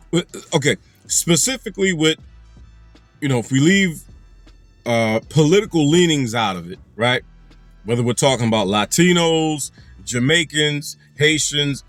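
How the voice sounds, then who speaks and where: A man's voice: on the high side, fairly bright tone, no echo. A man delivering an angry, profane commentary rant, hammering his points with repetition. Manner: angry, emphatic, heavy profanity, repeats phrases for emphasis. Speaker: commentary channel host.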